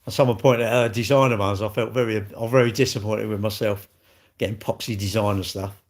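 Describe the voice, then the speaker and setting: A man's voice: lowish voice, steady tone, a little fast. A middle-aged man, chatting bluntly and ramblingly on a livestream as he answers viewers' comments. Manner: blunt, rambling, chatty with frequent restarts and laughs. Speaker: livestream host.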